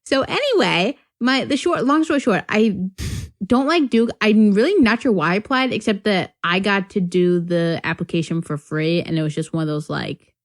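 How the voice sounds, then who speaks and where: A woman's voice: mid-range voice, moderate pace, no room sound, studio quality. A young woman from North Carolina co-hosting a podcast, telling a long, filler-heavy story in casual chat and laughing often. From North Carolina, USA. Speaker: podcast co-host.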